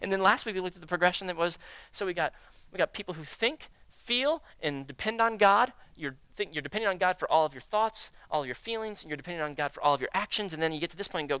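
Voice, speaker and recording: A man preaching a sermon, acting out prayers and inner dialogue with God, swinging between loud emphasis and hushed, slow phrases. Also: on the high side, lively intonation, no echo. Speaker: pastor.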